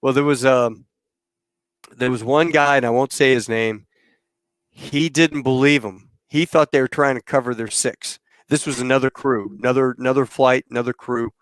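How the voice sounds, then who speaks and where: A man in his fifties tells an old flying story with loose, rambling energy, laughing along and swearing freely. His voice sits at an ordinary middle pitch, recorded dry and close with no room sound. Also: fairly even intonation, moderate pace, no echo. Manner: laughs often, swears, rambling anecdotal delivery. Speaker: podcast host and former military pilot. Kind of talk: casual storytelling.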